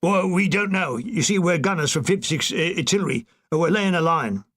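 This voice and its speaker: A man voicing a gruff, bossy British army sergeant who barks orders. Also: a little high, lively intonation, brisk, a bit bright. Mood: flustered. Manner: barking, exasperated.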